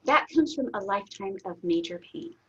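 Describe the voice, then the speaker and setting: Husky middle-aged lady, chatty and candid, bursts out loud sometimes, dull lo-fi sound. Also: mid-range voice, normal speed. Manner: animated, candid, laughs often, sudden loud bursts. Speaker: guest. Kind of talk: personal storytelling in an interview. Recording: dull lo-fi audio.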